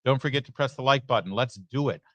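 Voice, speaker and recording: A man's voice: mid-range voice, quick pace, dry recording. A middle-aged man hosting a live election night stream, reading viewer messages in a chatty, joking way with many asides. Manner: chatty, joking asides, lively ups and downs. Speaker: host. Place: election watch party venue.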